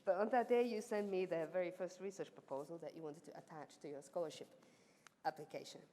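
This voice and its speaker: A woman with a fairly low, dark voice speaks fast as she delivers a ceremonial laudatio as a supervisor. Inside the formal address she chats, teases, and uses lots of fillers; the university ceremony hall echoes and carries faint background noise.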